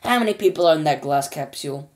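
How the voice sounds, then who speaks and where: A woman's voice: low voice, expressive, fast talker, darkish tone. A woman voicing a cheeky astronaut. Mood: cocky. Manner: cocky, casual slang, talking back. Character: brash, cheeky male astronaut. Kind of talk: children's storybook reading.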